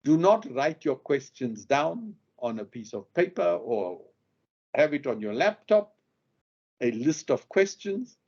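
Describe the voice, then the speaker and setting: A man's voice: on the high side, very animated, slow, darkish tone, slightly rough, dull audio. A man teaching lawyers how to question witnesses, who acts out the example questions and leans hard on the key words. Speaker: legal skills instructor. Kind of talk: lecture on courtroom questioning.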